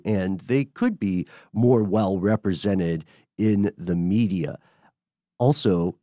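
A man's voice: low voice, mellow, dry recording, clean studio sound. A man from Tennessee co-hosting a podcast, reading listener mail and chatting in an easygoing way, laughing often. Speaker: podcast co-host. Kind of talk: casual podcast chat.

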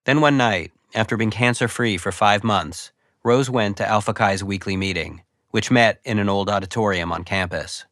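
A man narrates a documentary-style podcast with dry, wry timing. His voice sits low. He also asks the interview questions plainly. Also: moderate pace, hardly any pauses, a bit bright, no room sound. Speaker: host and narrator.

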